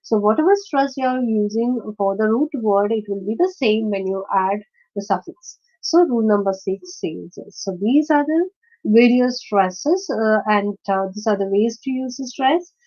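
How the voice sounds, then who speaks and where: Female teacher, lesson delivery, patient step-by-step explaining with fillers; slightly high voice, dull lo-fi recording. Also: moderate pace, warm tone. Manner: explains step by step with many fillers and checking questions. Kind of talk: online lesson on word stress.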